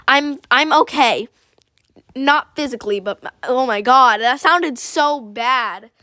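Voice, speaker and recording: A woman's voice: high voice, animated, slow, pushed and bright. A young woman chatting casually and self-consciously while playing a game, rambling, apologizing and swearing. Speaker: gaming video creator. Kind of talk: casual gameplay commentary.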